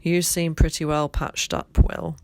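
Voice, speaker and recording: A woman voicing a gentle, thoughtful village doctor who speaks slowly and with measured care. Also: low-pitched, flat delivery. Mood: reassuring.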